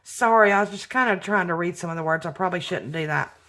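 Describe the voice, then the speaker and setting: A woman hosting a craft channel, chatting casually and gushing with excitement as she unboxes a handmade package. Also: lowish voice, fast.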